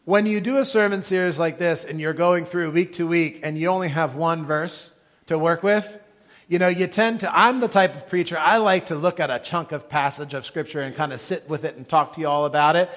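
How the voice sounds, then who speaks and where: A man's voice: on the high side, brisk, fairly bright tone, in a large hall. A male pastor preaching a conversational sermon, earnest, with asides to his congregation.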